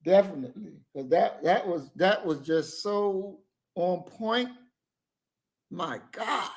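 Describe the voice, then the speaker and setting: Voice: medium pitch, slow pace. A co-host in casual chat, profane and fired up, agreeing in short bursts. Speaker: co-host reacting to a documentary. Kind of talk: casual live-stream chat.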